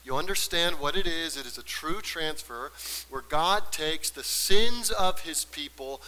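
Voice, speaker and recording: A man preaching a sermon. He moves between hushed, quiet passages and loud, emphatic ones, and slows down to stress key words. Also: fairly high pitch. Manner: slows down and stresses words when building to a point. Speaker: pastor. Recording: long hall reverb.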